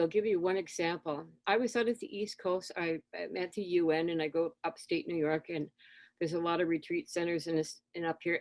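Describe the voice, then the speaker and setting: Animated woman telling stories. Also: lowish voice, no echo. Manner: animated, acts out dialogue with children. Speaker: interview guest, spiritual teacher. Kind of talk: conversational storytelling.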